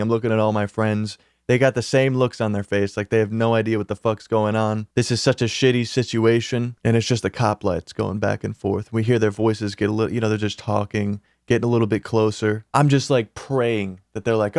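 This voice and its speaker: A man's voice: mid-range voice, no echo. Young guy on a studio mic telling a wild story, swears a lot, dry close sound. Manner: animated, swears a lot, acts out quotes. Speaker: YouTuber. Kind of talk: casual storytelling to camera. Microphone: studio mic on an arm.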